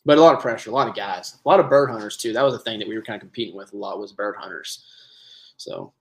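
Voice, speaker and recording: A man's voice: lowish voice, fast, a bit bright. Easygoing man. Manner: easygoing, agreeable, chuckles often. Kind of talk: casual hunting chat.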